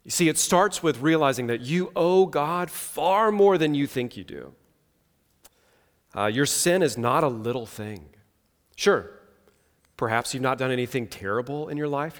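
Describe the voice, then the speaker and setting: Man preaching in a reverberant hall. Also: mid-range voice. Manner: earnest, measured preaching with slow emphatic pauses. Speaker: pastor. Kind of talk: sermon.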